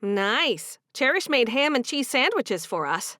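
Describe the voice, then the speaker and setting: A woman's voice: on the high side, sing-song, measured pace, pushed and bright, no room sound, clean studio sound, voice pushed up, full character voice. A woman voicing a sleepy, easygoing young Amish woman who teases her husband. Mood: cheerful.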